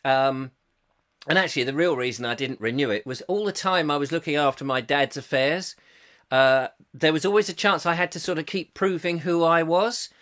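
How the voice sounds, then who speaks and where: A man's voice: fairly high pitch, normal speed, a bit bright. A man in his fifties hosting a live comic chat show, rambling through viewer comments with jokey, self-mocking asides. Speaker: host.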